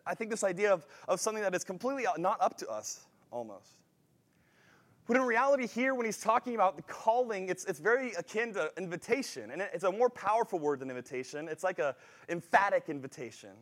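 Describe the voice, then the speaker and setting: A man preaching a sermon in a conversational way, thinking aloud with frequent restarts and swinging from quiet asides to emphatic rises. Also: high-pitched.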